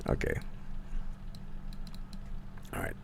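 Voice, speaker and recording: A man streaming from home, chatting casually to his viewers in a rambling, stammering way that keeps interrupting itself. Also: drawn-out words. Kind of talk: casual live-stream chat.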